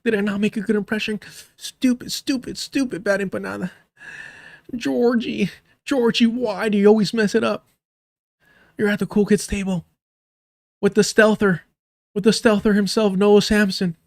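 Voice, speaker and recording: A man's voice: high voice, fairly even intonation, normal speed, gravelly, pauses often, dry recording, studio quality, pitched above the performer's own voice. A man doing a mocking impression of a pleading, self-pitying grown man on the verge of tears. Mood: whiny pleading. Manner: mocking, sing-song self-pity. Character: whiny, pleading grown man about to cry.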